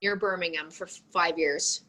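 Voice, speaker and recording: A woman's voice: fairly low pitch, fairly even intonation, moderate pace, pushed and bright, rough recording. A young woman speaking as an interview guest in casual chat, rambling and filling her talk with "like" and "um". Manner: rambling, heavy use of "like" and "um".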